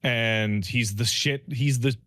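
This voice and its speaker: A man co-hosting a casual podcast and recapping a video game in a loose, animated way. He swears freely and acts out snippets of dialogue. His pitch sits mid-range, and the mic is dry and close. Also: takes it slowly, dry recording. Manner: animated storytelling, swearing, mock dialogue voices. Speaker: podcast co-host.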